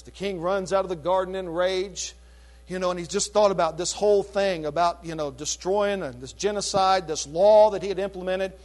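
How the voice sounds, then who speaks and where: A man preaching a sermon, retelling a scripture story in an animated, chatty way with casual asides. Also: high voice.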